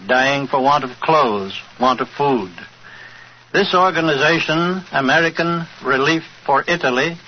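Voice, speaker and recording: A man making a grave, deliberate charity appeal on 1940s radio. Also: fairly high pitch. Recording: dull old radio broadcast with faint hiss.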